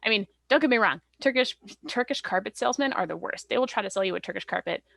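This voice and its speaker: A woman's voice: mid-range voice, expressive, fast talker, creaky, a bit bright, dry recording. A young woman from Canada, a podcast guest, chatting casually with lots of fillers and laughter. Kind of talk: casual chat.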